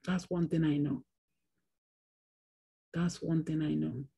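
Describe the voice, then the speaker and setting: A woman's voice: low voice, flat delivery, slow pace, creaky, warm tone, breathy edge. A woman pastor preaching a Bible study sermon, repeating phrases for emphasis. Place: church.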